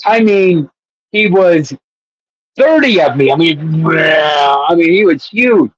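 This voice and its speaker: A man's voice: fairly high pitch, expressive, slow, lo-fi sound. A man co-hosting a casual sports chat show, rambling and laughing as he tells stories. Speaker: co-host.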